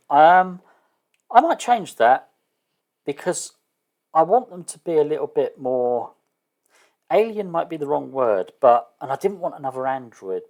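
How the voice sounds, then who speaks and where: A man lays out his solo tabletop game in a relaxed, thinking-aloud way. His voice sits at an ordinary middle pitch, and he trips over restarts and fillers. He is a little unsure of himself and pokes fun at his own gaps in knowledge. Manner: hesitant, many fillers and restarts; self-deprecating, unsure of terms. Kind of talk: casual thinking-aloud explanation.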